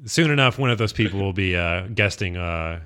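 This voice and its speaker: A man's voice: deep voice, expressive, brisk, bright, forceful tone, clear, resonant tone. A man hosting a community radio show, chatting casually and joking with fillers in a studio. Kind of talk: casual on-air banter.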